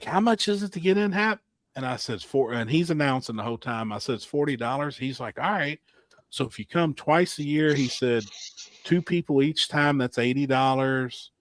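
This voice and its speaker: Animated storytelling man with dry sound. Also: mid-range voice, dry recording. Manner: animated storyteller, laughs often, acts out quotes. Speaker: podcast host. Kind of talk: casual storytelling chat.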